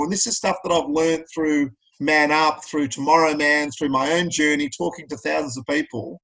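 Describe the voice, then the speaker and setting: A man's voice: fairly high pitch, steady tone, moderate pace, few pauses, fairly bright tone, low-quality recording. A middle-aged Australian man speaking as a podcast guest, telling personal stories in an earnest, plain-spoken way. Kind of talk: candid interview talk.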